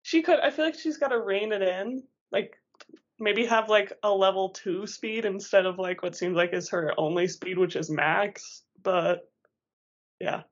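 A woman's voice: mid-range voice, a little slow. Chatty young woman, lo-fi sound. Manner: chatty and animated, laughs often, says "like" a lot. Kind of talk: casual book discussion chat, reading passages aloud.

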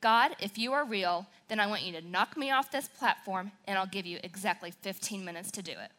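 A woman voicing a blunt atheist male professor who taunts God in a flat, defiant way. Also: mid-range voice, brisk, lightly acted.

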